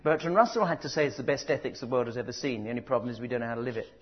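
A man preaching a sermon, swinging from loud emphatic declarations to soft, drawn-out words. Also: mid-range voice. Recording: dull lo-fi sound.

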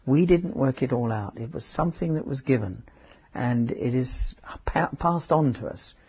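Very husky male preacher. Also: medium pitch. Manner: halting, with restarts and asides. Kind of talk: conversational Bible teaching. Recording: dull lo-fi sermon recording.

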